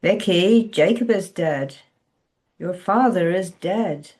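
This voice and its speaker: A motherly old countrywoman with a broad rural dialect, put on by a woman reading her novel aloud. She coaxes slowly and gently, her voice lifted a little above the reader's own low tone. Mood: urgent. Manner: slow, soothing, coaxing.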